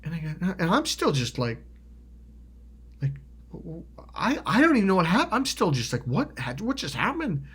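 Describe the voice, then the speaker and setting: A man with a high-sitting, slightly rough voice swings hugely in pitch, speaking at normal speed with long pauses. He's a motivational video host rambling through a personal story, restarting often, swearing casually, and loudly voicing what others said.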